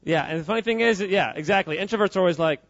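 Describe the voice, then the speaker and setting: A man's voice: high-pitched, racing, dry recording, dull audio. A man giving an informal, joking talk to a live audience, quizzing the crowd as he goes. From United States. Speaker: speaker at a church gathering.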